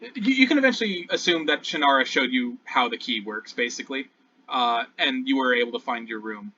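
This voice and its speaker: Over an online voice call, a man acts as game master for a tabletop game, narrating scenes at length with fillers and restarts. His medium-pitched voice is animated, fairly quick, pushed, bright and slightly rough, heard through distant, dull lo-fi call audio.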